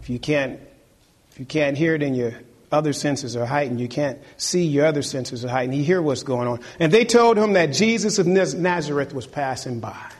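A man with a fairly high, husky voice preaches a sermon. He drives his points home by repeating key phrases and urging the congregation to take note. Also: animated, moderate pace. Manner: emphatic, repeats key phrases, exhorts listeners.

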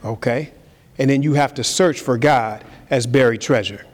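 A man preaching a sermon as pastor, energetic and swinging between loud and soft. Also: mid-range voice, moderate pace. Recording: hall reverb with faint ambience.

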